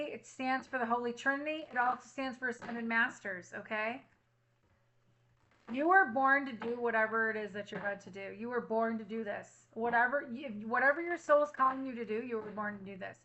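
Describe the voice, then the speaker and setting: A woman's voice: on the high side, pushed and bright, a little hiss or hum, poor audio. A woman reading tarot cards for her viewers, earnestly reassuring them and repeating affirmations. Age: adult with a child at home. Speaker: tarot reader.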